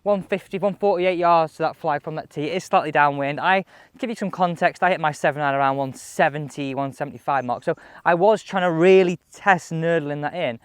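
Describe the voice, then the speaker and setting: A man chatting excitedly as he reviews golf clubs outdoors on a course. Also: on the high side, fairly quick, smooth, dry recording, clean studio sound. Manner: chatty, excitable, thinking aloud. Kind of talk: casual on-course commentary.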